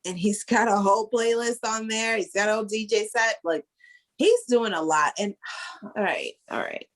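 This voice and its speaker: A Caribbean American woman co-hosts a loose podcast chat, a little drunk and wandering through her points. She laughs often, trails off and teases, in a voice of middle pitch. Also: normal speed. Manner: rambling, laughing, playful. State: tipsy. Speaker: podcast co-host; entertainment lawyer.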